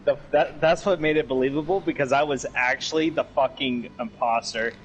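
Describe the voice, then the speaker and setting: A man's voice: mid-range voice, brisk, lo-fi sound, a little hiss or hum. Profane rambling man on a gaming stream. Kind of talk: casual chat.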